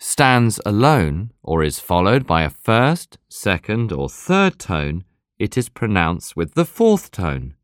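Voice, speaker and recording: Male instructor, slow measured read with a very lively pitch, dry close sound. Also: dry recording. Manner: slow, deliberate explaining. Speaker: language teacher. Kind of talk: scripted instructional narration.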